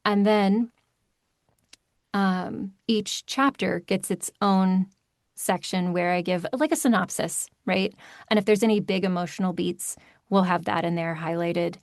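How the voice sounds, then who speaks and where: Woman narrator, podcast guest, emphatic and quick, dry close sound. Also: mid-range voice, no room sound. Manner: animated, emphatic, quick asides. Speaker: audiobook narrator. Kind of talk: podcast interview, conversational.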